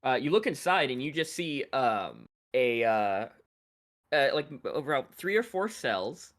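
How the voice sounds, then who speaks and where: Man, game master narrating a tabletop game, hesitant, filler-heavy, bright voice. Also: medium pitch, sing-song. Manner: halting, many fillers.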